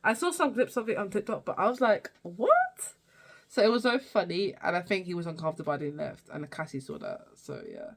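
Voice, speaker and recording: A woman's voice: fairly low pitch, wildly swooping pitch, fast, gravelly, few pauses. Chatty young woman recapping a show. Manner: rambling, chatty, many fillers and restarts. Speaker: TV review vlogger. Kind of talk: casual recap chat.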